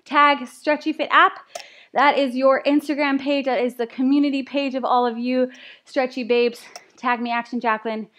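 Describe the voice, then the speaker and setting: A woman's voice: sits high, steady tone, moderate pace, a bit bright. A young woman fitness instructor coaching a live workout class, out of breath, counting reps and cheering people on. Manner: counts reps aloud, upbeat encouragement.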